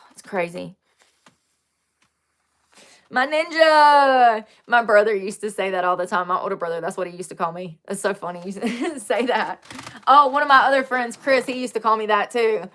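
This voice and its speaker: A woman hosting a casual livestream, talking bluntly and telling stories with animated energy and frequent laughter. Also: mid-range voice, fairly quick. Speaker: livestream host.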